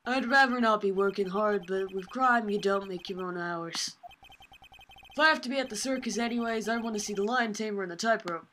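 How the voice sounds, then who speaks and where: A woman voicing a gruff, overworked male police detective in an amateur game reading. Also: medium pitch, brisk, fairly bright tone, a little hiss or hum, lightly acted, poor audio. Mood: grumbling.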